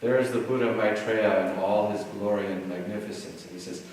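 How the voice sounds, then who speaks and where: Low-voiced man telling a teaching story. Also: brisk, hardly any pauses, a little hiss or hum. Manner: relaxed storyteller, frequent "you know" and "like". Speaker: dharma teacher. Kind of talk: dharma talk storytelling. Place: retreat hall with audience. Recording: echoey hall, mic at a distance, faint ambience.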